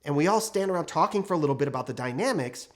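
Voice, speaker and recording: A man's voice: on the high side, lively intonation, racing. A man working as a training consultant, telling a workplace case study in a conversational, anecdotal way. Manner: conversational anecdotal, acts out quoted people. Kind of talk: storytelling case study talk.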